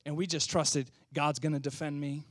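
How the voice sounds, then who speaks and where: A male pastor preaching a sermon, calling out to the congregation, swinging from loud outbursts to quiet, close talk. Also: a little high, normal speed, dry recording. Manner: animated, swings between shouting and quiet; talks back and forth with the congregation.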